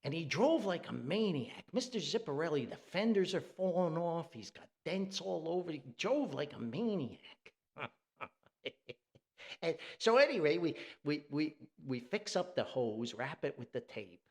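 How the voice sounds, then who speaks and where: Chuckling, rambling humorous storyteller from New Jersey, male, gravelly tone. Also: on the high side, measured pace. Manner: animated, chuckling, rambling asides. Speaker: podcast storyteller.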